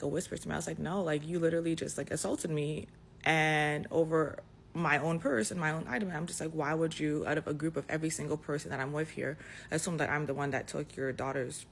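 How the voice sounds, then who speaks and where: A young adult woman casually telling a personal story, animated and dotted with "like" fillers. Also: deep voice, vocal fry, slight background noise. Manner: animated retelling, full of "like" fillers. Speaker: storyteller in a clip.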